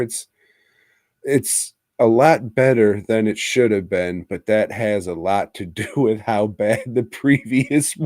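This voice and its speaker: A man's voice: lowish voice, a little mellow, dry recording. A man co-hosting a podcast, rambling through a casual movie review while drinking, swearing constantly and laughing mid-sentence. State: drinking, tipsy. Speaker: podcast co-host.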